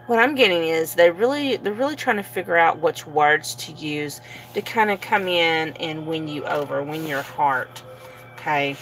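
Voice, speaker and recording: A woman giving a casual tarot reading, relaxed and sleepy, with many fillers and soft laughs. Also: sits low, unhurried, faint music behind, low-quality recording. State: sleepy, yawning. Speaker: tarot reader.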